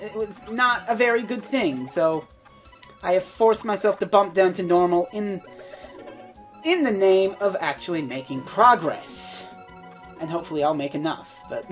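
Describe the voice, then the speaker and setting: Lively, rambling woman gamer. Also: on the low side. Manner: rambling, self-mocking, quick-talking and swears. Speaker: let's play gamer. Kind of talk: casual game commentary.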